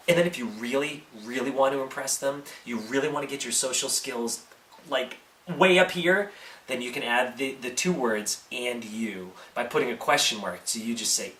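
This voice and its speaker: A man hosting a comedic tips video, animated and acting out silly example replies. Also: medium pitch, brisk, recorded from a distance. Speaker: host. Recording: echoey room.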